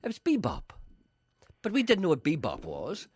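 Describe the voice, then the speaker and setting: A man's voice: a little high, huge pitch swings, moderate pace, a little mellow. A man co-hosting a casual comic chat, dry and teasing, acting mock-offended. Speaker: co-host.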